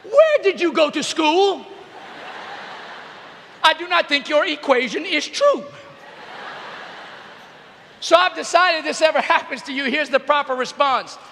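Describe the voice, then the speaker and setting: A middle-aged man tells funny stories to teenagers in a huge arena, and his voice sits very high with a gravelly edge. He gets animated and shouts often. A long arena echo trails every line. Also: unhurried, pauses often, a little hiss or hum. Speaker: youth speaker. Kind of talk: comedic motivational talk to teens. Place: large arena.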